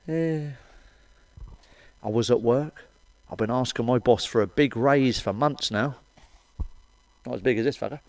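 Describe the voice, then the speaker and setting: A middle-aged man telling crude stand-up jokes with blunt, sweary, deadpan asides. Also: mid-range voice, normal speed, long pauses, no room sound. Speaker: stand-up comedian. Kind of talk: crude stand-up one-liners.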